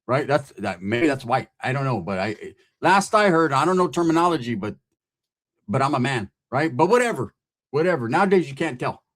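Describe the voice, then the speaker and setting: A man's voice: mid-range voice, very animated, a little fast, fairly bright tone. A man from California telling a rambling, profane street story in casual talk, acting out the other people in it.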